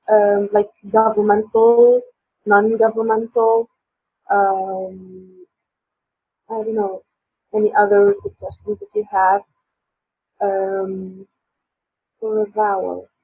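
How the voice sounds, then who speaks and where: Slow, breathy woman teacher. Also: mid-range voice, dark tone, dry recording. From Tunisia. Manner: hesitant, many fillers. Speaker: English teacher. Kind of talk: live online class. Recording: dull lo-fi call audio.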